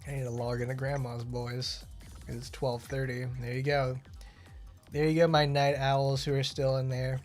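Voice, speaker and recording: A man's voice: mid-range voice, flat delivery, moderate pace, soft background music. A man streaming a game and chatting casually, rambling with lots of fillers and blunt, profane asides. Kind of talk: casual gameplay commentary.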